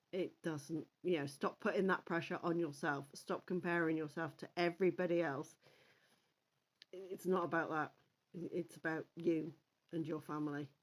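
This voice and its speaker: A woman doing a casual oracle card reading, chatty and rambling with frequent ums and restarts, encouraging her listeners. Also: low voice. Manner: encouraging, gently admonishing.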